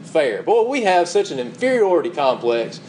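A man's voice: fairly high pitch, animated, moderate pace, darkish tone, slight background noise, poor audio. A man preaching a sermon, reading scripture aloud and asking rhetorical questions with emphatic repetition. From United States.

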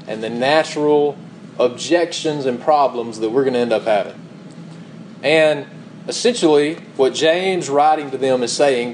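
A man's voice: medium pitch, a little mellow, slight background noise, rough recording. A man preaching a sermon, reading scripture aloud and asking rhetorical questions with emphatic repetition. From United States.

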